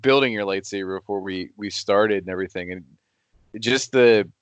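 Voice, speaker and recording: A man's voice: on the low side, moderate pace, no room sound. A man co-hosting a podcast, chatting in a laid-back, reflective way. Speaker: podcast co-host. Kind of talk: casual chat.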